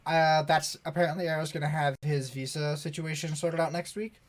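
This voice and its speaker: A man co-hosting a laid-back gaming podcast, talking in an offhand, unpolished way. His voice sits a little higher than most men's, and he drops the odd swear word while he chats. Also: level tone, brisk. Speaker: podcast co-host. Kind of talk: casual chat about esports.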